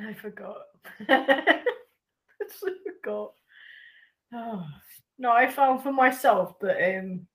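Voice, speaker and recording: A woman hosting a podcast chat, relaxed and rambling, laughing often. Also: medium pitch. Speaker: podcast host. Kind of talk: casual chat.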